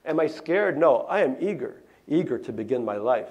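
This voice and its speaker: A middle-aged man from Russia reads his own memoir aloud in a lecture hall. His delivery is wry and deadpan, and he drops in offhand spoken asides. His voice sits at an ordinary middle pitch. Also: normal speed, hardly any pauses. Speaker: author.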